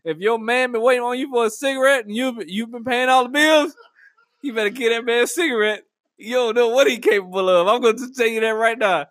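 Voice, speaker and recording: A man riffing through a casual comedic monologue, animated and rambling, laughing at his own jokes. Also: very high voice, fast, dry recording, studio quality. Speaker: comedic vlogger.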